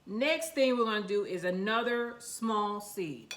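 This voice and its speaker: A woman's voice: mid-range voice, expressive, measured pace, fairly bright tone. A woman with a New York accent, chatting to herself and her seeds while planting them in a casual gardening vlog. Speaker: gardening vlogger.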